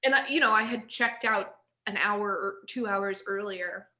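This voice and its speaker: A woman in her thirties telling stories in a rambling, animated casual chat, laughing often. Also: mid-range voice, normal speed. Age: 30s. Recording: echoey room.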